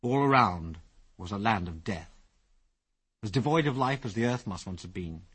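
A man narrating an adventure story as an audiobook, with lively, expressive storytelling. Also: on the low side, moderate pace, breathy edge.

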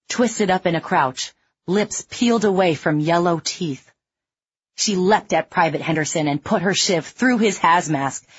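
A woman reading a gritty first-person audiobook story in a measured, tense, low-key way. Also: husky, dry recording. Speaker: audiobook narrator. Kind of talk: first-person scripted narration. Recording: dry, slightly muffled lo-fi recording.

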